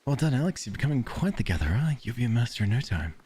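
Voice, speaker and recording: A man's voice: medium pitch, sing-song, fast, mellow, breathy edge, pitched above the performer's own voice. An Australian man voicing a cheerful, encouraging hobbit woman who hands out rewards, in a raised sing-song voice.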